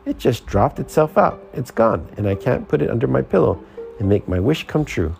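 A curious little girl chatters on and asks one question after another in a high, eager voice, as a man reading a storybook puts her on. The sound is lively and leaps about, with a low gravelly edge creeping in underneath. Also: normal speed, soft background music. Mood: sad.

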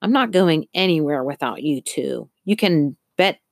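A woman reading the lines of a determined, protective mother in an audiobook, in a firm, low voice. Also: expressive, measured pace, creaky, no room sound, clean studio sound, exaggerated voice. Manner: firm, commanding.

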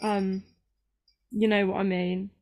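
A woman's voice: mid-range voice, flat delivery, slow, heavy background noise. A young woman from England hosting a casual podcast chat, rambling and self-mocking with plenty of ums. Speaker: podcast host.

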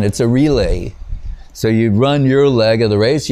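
A man's voice: medium pitch, moderate pace, a little mellow. A man with a mid-range voice gives an informal spiritual talk as a teacher. He rambles through anecdotes, often breaking off mid-thought and restarting, with "you know" scattered throughout. He chuckles at his own stories.

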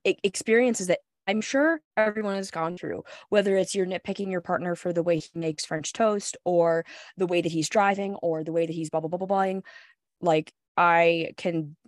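Woman podcast host, reflective and affirming, slightly low voice, dry close recording. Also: normal speed, dry recording. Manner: reflective, affirming, uses "like" and "you know". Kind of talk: casual podcast conversation.

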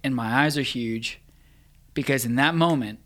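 A young man casually telling an embarrassing story, animated and laughing as he goes. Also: medium pitch, moderate pace. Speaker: guest storyteller.

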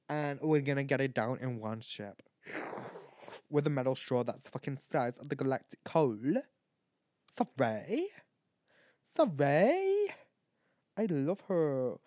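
In a studio-quality recording with no room sound, a man with a mid-range, darkish voice hosts a podcast while tipsy. He chats loosely about ranking canned cocktails, rambling, cursing a lot, and laughing at his own jokes.

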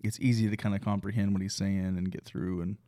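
A man with a lowish voice talking earnestly in a relaxed podcast, often poking fun at himself. His voice is recorded dry and close. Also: fast talker, no room sound. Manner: earnest, self-deprecating. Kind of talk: casual chat.

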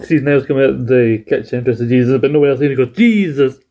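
A man's voice: medium pitch, steady tone, very fast, dark tone. A young man co-hosting a casual chat, rambling through the plot, laughing often and acting out the characters' lines. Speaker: podcast co-host. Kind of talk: casual chat recapping a sitcom episode.

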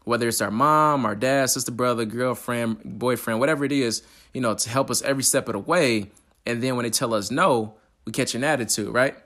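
A man's voice: mid-range voice, a little fast, fairly bright tone. A young man hosting his own motivational talk show, chatting in a casual, upbeat way with slang and fillers. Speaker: podcast host.

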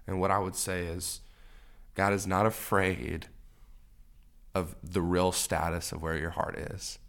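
A man's voice: sits low, little pitch movement, unhurried, gravelly, a bit bright. A man co-hosting a faith-based podcast, talking earnestly with repeated encouraging phrases. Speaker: podcast co-host.

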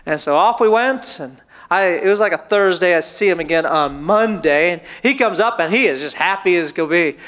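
A man's voice: sits high, moderate pace, few pauses. A pastor preaching a sermon to his church, telling a story and acting out the voices of the people in it. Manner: animated, acts out quoted voices.

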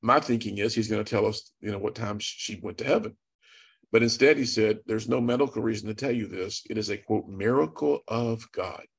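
A man tells his story with earnest drama, acting out each exchange. His voice sits low and gravelly, with a husky edge to it. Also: a little fast. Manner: earnest, dramatic retelling with quoted dialogue. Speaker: guest speaker. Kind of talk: storytelling testimony.

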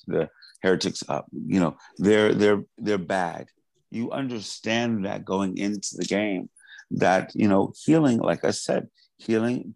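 A man's voice: fairly low pitch, vocal fry, a little mellow, no echo, low-quality recording. A male artist in an interview, speaking earnestly and with passion, often restarting and repeating words. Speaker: artist guest. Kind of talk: interview conversation.

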